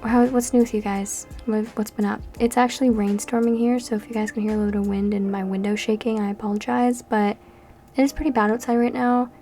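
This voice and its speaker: Quick-paced and level in tone, this mellow mid-range voice belongs to a nineteen-year-old woman from Canada who builds in the Sims and posts on YouTube. At home during a storm, she narrates a speed build in a rambling, filler-heavy chat, sounding worn out and slightly short of breath, with background music in the recording.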